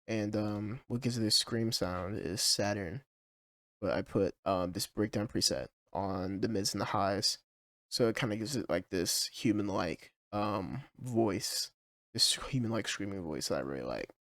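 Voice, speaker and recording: A male music producer casually talking through a song project, hesitant and full of fillers, with his track playing clearly underneath. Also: on the low side, a little slow, fairly bright tone, dry recording. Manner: hesitant, full of ums and likes.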